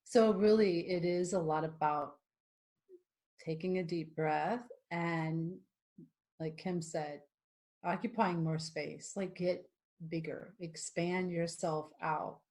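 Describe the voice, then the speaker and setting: A woman co-hosting a podcast, chatting in a relaxed, affirming way. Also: on the low side, takes it slowly. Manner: relaxed, affirming, laughs along. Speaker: podcast co-host. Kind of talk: casual chat.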